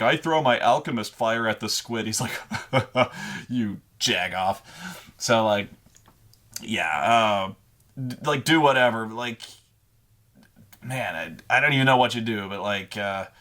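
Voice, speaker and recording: A man's voice: mid-range voice, fairly bright tone. A man rambles through advice from behind the game master's screen, swearing freely and tripping over restarts. His talk is loose and unscripted. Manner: rambling, profane, with stammering restarts. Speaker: dungeon master giving gaming advice. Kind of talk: casual unscripted monologue.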